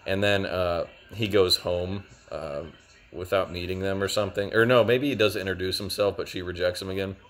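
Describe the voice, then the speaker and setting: Young man, deep voice, casual video review, rambling, filler-heavy. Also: fairly even intonation, normal speed, a bit bright. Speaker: show reviewer.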